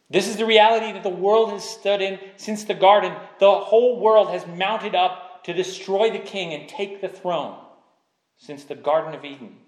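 A man's voice: sits high, echoey room. A man preaching a sermon, pressing his point with repeated rhetorical questions.

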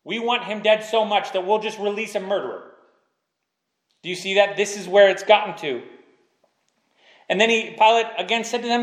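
A man with a notably high voice delivers an emphatic sermon. He drives his points home with repeated rhetorical questions aimed at the listeners. The sound carries a roomy echo. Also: normal speed, pauses often. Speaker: preacher.

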